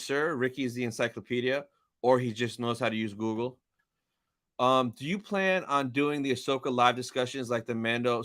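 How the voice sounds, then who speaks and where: Excitable young man hosting a livestream. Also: medium pitch. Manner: excitable, reads chat aloud, chatty. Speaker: livestream host. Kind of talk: casual live-stream chat.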